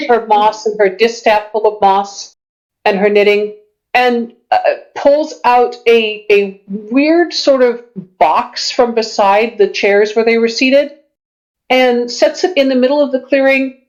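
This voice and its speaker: A woman running a tabletop game, describing the scene in a measured, storytelling way. Her voice sits a little high. The audio is dull and lo-fi. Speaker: game master.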